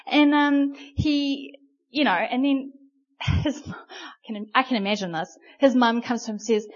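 Woman preacher, chatty storytelling sermon, fairly high voice, dull lo-fi sound. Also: a little slow. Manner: conversational, animated storytelling with many fillers. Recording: muffled lo-fi recording.

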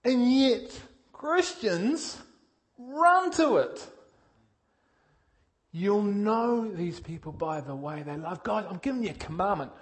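A male preacher with a fairly high voice, delivering a sermon with energy. He questions his congregation directly and swings from loud, pushed emphasis to quiet intensity. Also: expressive, normal speed, hardly any pauses.

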